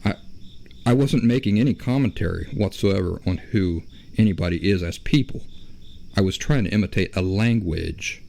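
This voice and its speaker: A man hosting a solo podcast, explaining his views in a measured way and often stopping to correct himself. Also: deep voice, gravelly, dark tone. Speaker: podcast host.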